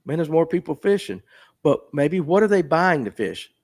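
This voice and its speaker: A man in his fifties with a thick North Georgia drawl and a somewhat high-set voice hosts a casual fishing livestream. He talks in a folksy, chatty way and answers viewer questions as they come in. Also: sing-song, normal speed, darkish tone. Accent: North Georgia Southern drawl. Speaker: fishing show host. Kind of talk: casual livestream talk reading viewer comments.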